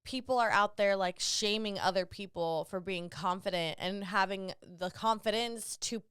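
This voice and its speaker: A woman's voice: mid-range voice, moderate pace, fairly bright tone, clear, resonant tone, no room sound, clean studio sound. A young woman co-hosting a podcast, rambling chattily with lots of "like" and the odd swear. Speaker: podcast co-host. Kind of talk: casual chat.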